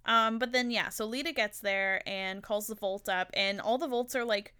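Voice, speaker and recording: Bright chatty young woman co-host. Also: medium pitch, normal speed, smooth. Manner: chatty storyteller, lots of likes and ums, quotes characters. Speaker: podcast co-host. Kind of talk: casual movie recap chat.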